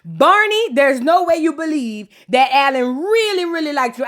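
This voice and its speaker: A woman hosting a casual reality TV recap, sassy and scolding as she talks straight to the people on screen. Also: sits high. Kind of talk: casual reaction commentary.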